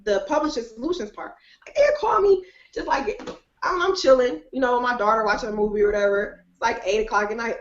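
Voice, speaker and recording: A lively, expressive woman speaking as a guest on a video call, her voice set a little high. She talks colloquially and laughs easily. The audio is roomy and dull, with a lo-fi edge. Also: fast talker. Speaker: author and editor, guest. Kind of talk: animated casual interview talk.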